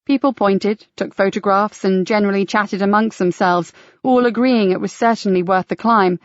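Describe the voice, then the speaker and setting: A woman reading a crime novel aloud in a steady, measured audiobook narration. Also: mid-range voice, no echo. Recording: dry, slightly dull audiobook recording.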